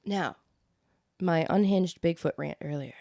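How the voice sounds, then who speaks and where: A woman co-hosting a podcast in casual chat, an animated storyteller who laughs often and swears freely. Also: on the low side, measured pace, gravelly. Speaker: podcast co-host. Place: rented vacation home.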